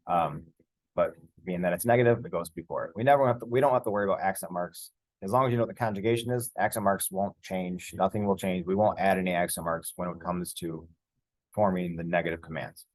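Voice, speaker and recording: A man teaching Spanish grammar over slides, relaxed and conversational, with frequent fillers and restarts. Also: sits low, no echo, rough recording.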